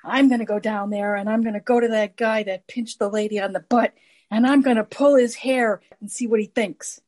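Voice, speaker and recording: A spiteful green gremlin, played by a woman announces his pranks boldly and teasingly. The voice sits a little high. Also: fairly even intonation, a little fast, darkish tone, natural voice. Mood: mischievous. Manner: bold, teasing declarations.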